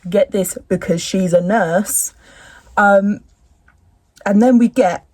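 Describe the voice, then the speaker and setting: A woman's voice: mid-range voice, a little mellow, dry recording. Give me a young woman casually recapping a show from home, slangy and jokey, recorded dry. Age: young adult. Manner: rambling, slangy, jokey asides. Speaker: vlogger recapping a TV episode. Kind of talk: casual chat.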